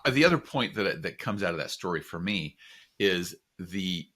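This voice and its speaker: A man co-hosting a podcast, speaking in a measured, reflective way. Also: deep voice, lively intonation, bright, forceful tone. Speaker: podcast co-host. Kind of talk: casual conversation.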